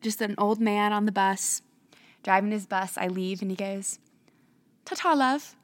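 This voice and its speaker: A woman's voice: medium pitch, normal speed, dry recording. Girl telling travel stories, acts out quotes, dry close mic. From United States. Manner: lively, acts out quoted greetings. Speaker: student traveler. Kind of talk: casual interview recollection.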